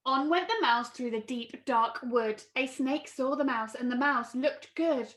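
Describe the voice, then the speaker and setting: A woman's voice: sits high, measured pace, hardly any pauses, a bit bright. A woman teacher reading a storybook aloud and explaining a lesson to children over a video call. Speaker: primary school teacher.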